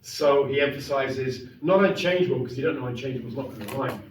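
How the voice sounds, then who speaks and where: A man's voice: medium pitch, fairly even intonation, quick pace. A middle-aged man giving a conversational, emphatic classroom lecture on poetry. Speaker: literature lecturer. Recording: echoey classroom, mic far off, faint noise.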